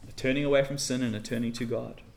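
A man preaching a sermon and reading scripture, earnest, swelling loud on key phrases and dropping soft for emphasis. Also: medium pitch, fairly even intonation, quick pace, gravelly, a little hiss or hum.

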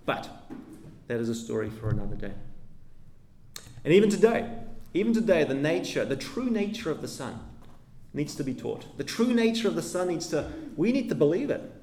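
Guy preaching a teaching sermon, kinda high voice, slow and earnest, lots of roomy echo. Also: very animated, warm tone, slight background noise. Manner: earnest, measured, with frequent restarts and repeated phrases.

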